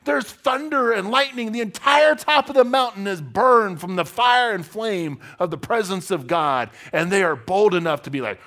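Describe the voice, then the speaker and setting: A man's voice: sits high, normal speed, hardly any pauses. A man preaching a sermon in a casual, conversational way, telling stories and acting out the voices of the people in them. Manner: animated storytelling, acts out voices. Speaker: pastor.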